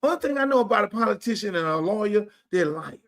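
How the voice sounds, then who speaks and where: This high-voiced host talks fast as he rants on his livestream. Animated, profane and blunt, he leans on street slang while addressing viewers casually via his streaming setup mic.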